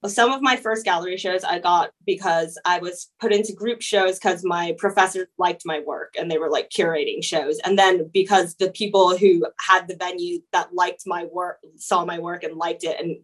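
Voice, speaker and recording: A woman's voice: lowish voice, normal speed, few pauses. A young woman from the USA, an illustrator being interviewed, talking casually with many fillers. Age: young adult. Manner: relaxed, frequent "like" fillers, laughs easily. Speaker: illustrator and painter guest.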